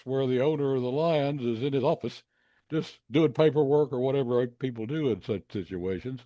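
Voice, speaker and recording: A man casually telling a long anecdote, acting out the people in it with big jumps in his voice. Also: no echo. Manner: animated, acts out quoted voices with pitch jumps.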